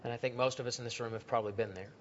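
A man's voice: mid-range voice, steady tone, very fast, slight background noise. Man preaching a sermon, lo-fi recording. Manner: storytelling, acts out voices in quotes, swings from loud to hushed. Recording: dull lo-fi recording.

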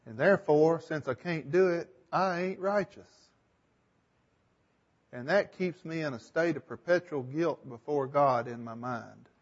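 A man's voice: a little high, unhurried, dull audio. A man leading a group Bible discussion, thinking aloud and asking the group questions. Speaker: Bible study leader.

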